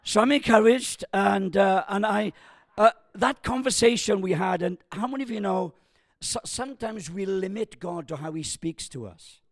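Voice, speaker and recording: A man in his sixties preaching a sermon, telling a funny family story with stumbles, restarts and excited, loud punchlines. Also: sits high, moderate pace, dry recording, clean studio sound. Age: 60s.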